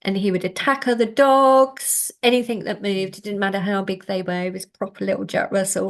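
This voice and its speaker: A middle-aged woman, a guest on a video call, telling a story in an animated way. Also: medium pitch, normal speed. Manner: animated storyteller, acts out quoted voices. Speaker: guest, canine healer. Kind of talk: storytelling interview answer.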